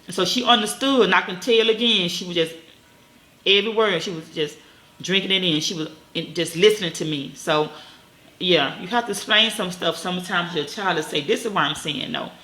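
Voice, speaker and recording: Fast-talking, blunt woman in an echoey room. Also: fairly low pitch, fairly bright tone. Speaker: vlogger, mother. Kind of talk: casual storytelling to viewers. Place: at home. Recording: echoey room, faint noise.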